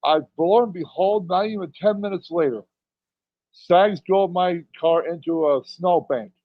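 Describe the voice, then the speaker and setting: A man's voice: high-pitched, a little slow, no room sound. A middle-aged man, a pro wrestler as podcast guest, telling rambling anecdotes and chuckling between lines. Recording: dull, dry lo-fi audio.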